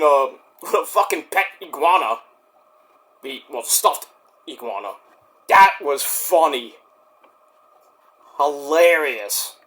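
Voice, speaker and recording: A man rambling through a casual wrestling review, swearing freely and easily excited. His voice is bright and sharp, and his pitch swings widely as he talks.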